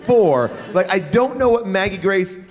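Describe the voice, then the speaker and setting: A man's voice: high-pitched, animated, unhurried. A man co-hosting a casual movie review chat, wry and rambling. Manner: wry, rambling, playful impressions. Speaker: podcast co-host.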